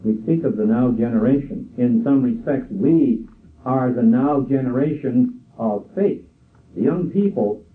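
An older man preaching a sermon in a slow, measured way, quoting scripture. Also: mid-range voice. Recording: tinny phone-like sound from far off.

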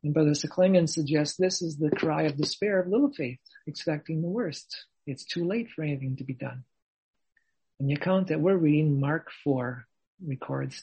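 A man preaching a sermon in a measured, earnest way, posing questions to his listeners. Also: a little high, a little mellow, husky, poor audio.

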